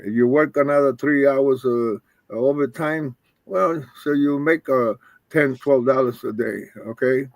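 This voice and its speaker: A man's voice: mid-range voice, unhurried, gravelly, no echo. An older man and retired wrestler telling rambling stories as a guest, acting out the voices of people he quotes. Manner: rambling, acts out quoted dialogue. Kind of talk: casual storytelling.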